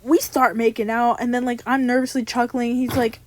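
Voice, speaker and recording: A young woman telling a personal dating story in a giggly, animated way, played in a clip. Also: a little high, fairly quick. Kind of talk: casual anecdote.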